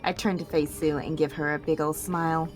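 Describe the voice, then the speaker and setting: A woman's voice: sits low, little pitch movement, a little fast, faint music behind. A woman reading a first-person audio drama script aloud, stumbling and correcting herself with laughing asides.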